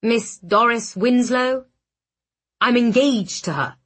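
A woman voicing an ardent, careless young man with a low, husky murmur, within a read-aloud romance. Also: slow pace, a bit bright. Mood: flustered.

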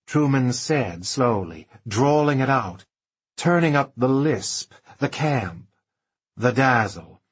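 A man narrating an audiobook in a measured, expressive way. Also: mid-range voice, husky. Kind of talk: scripted narration.

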